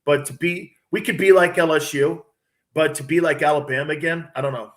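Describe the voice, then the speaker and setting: A middle-aged man, a guest on a sports radio show, telling stories in a blunt, excitable way with many restarts. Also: fairly high pitch, fairly quick. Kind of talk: animated storytelling on a sports show.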